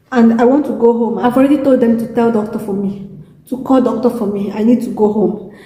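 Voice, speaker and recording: A young Nigerian woman with a Nigerian accent talks to her viewers from a hospital room, tearful and exhausted. Her voice is mellow and dark, and she keeps circling back over the same words in a weary, pleading way. The room is echoey, with a lingering reverb. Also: fairly high pitch, steady tone, normal speed. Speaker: vlogger. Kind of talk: emotional video diary.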